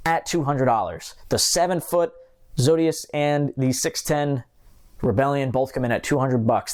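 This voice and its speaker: A young man hosting a fishing channel, reviewing gear in a chatty, joking way and drifting onto tangents. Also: medium pitch. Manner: chatty and joking, talks with his hands, goes off on tangents. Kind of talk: casual gear review to camera.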